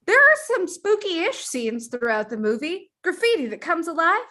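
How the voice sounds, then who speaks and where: Bright, lively woman hosting a game. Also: extremely high pitch, normal speed. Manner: laughing, playful, reads clues aloud. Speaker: guest game show host. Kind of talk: casual game show hosting.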